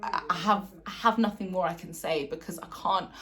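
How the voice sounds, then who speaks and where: A woman's voice: mid-range voice, steady tone, brisk, few pauses, fairly bright tone, slight background noise. A woman giving an unscripted post-match reaction as a fan, ranting in frustration with many ums and repeated phrases, upset and close to tears.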